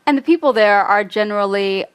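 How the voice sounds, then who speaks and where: A woman's voice: medium pitch, fairly quick, clear, resonant tone. A woman co-hosting a casual talk, reflecting on meeting people abroad. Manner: reflective, quoting people she met. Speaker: podcast co-host. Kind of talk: casual conversational chat.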